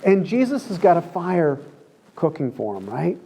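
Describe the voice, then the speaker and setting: Mellow-voiced man preaching a chatty sermon. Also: on the high side, sing-song, moderate pace, a little hiss or hum. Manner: chatty storytelling, acts out quoted lines. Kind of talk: conversational sermon. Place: church.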